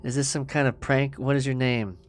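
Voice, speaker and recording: A stern, demanding woman shut inside a church, calling out loudly from behind a locked door, as a game streamer reads her lines. She switches between bossy orders and a coaxing tone. Faint music runs underneath. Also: mid-range voice, little pitch movement, fairly quick, lightly acted.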